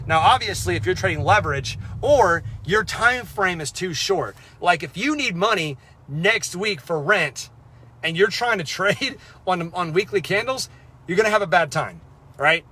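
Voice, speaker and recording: A man's voice: high voice, expressive, moderate pace, pushed and bright, slightly rough. A young man vlogging casually about crypto trading, blunt and profane, rambling with lots of fillers. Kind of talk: casual talk to camera.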